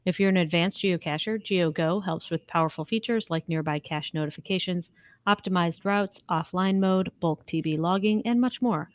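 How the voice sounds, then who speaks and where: A woman reading sponsor spots on a podcast in an upbeat, clear manner. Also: fairly low pitch, moderate pace, dry recording. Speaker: podcast co-host. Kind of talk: sponsor ad reads.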